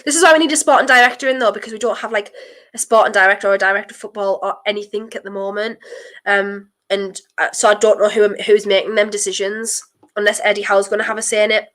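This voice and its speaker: A young woman streamer hosts a football watchalong, chatting nervously and excitedly with a blocked nose. Her voice is mid-range and quick, and she breaks into sudden exclamations.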